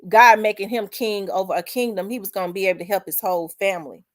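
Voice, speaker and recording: A woman's voice: mid-range voice, fast talker. An emphatic woman speaks to her channel audience in a preaching style. She repeats herself for emphasis and quotes scripture. Her speech is casual and colloquial. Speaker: channel host. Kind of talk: emotional preaching-style monologue.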